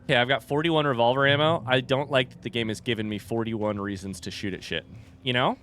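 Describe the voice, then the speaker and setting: A young man chats and jokes casually as he plays through a game, yelping whenever something startles him. His medium-pitched voice is steady, fairly quick, and a bit bright, with slight background noise.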